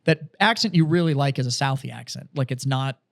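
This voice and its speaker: A man co-hosting a podcast, telling stories in casual, profane, animated chat. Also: mid-range voice, brisk, gravelly. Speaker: podcast co-host.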